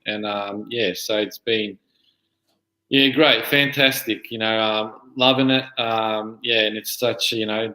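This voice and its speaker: Relaxed man in his thirties. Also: on the low side, echoey room, low-quality recording. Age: 30s. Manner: relaxed, lots of "you know" fillers. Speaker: guest. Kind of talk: casual interview.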